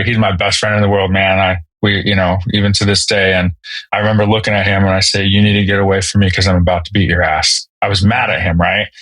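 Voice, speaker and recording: A man in his thirties, a podcast guest telling a personal story in a halting, emotional way with many fillers and restarts. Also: lowish voice, fairly bright tone, dry recording, rough recording. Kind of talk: candid storytelling.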